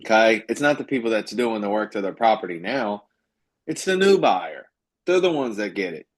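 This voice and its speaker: A man with a slightly low voice leads a group coaching call over video. He talks emphatically and keeps hammering his points with lively repetition. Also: a little fast. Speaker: business coach.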